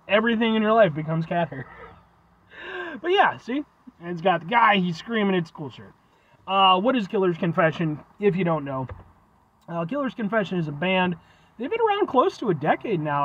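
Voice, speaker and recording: A congested man talks in a high, lively voice as he rambles through a casual food review vlog. He records from inside his truck, and the sound is a bit dull and lo-fi. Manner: rambling, chatty, animated.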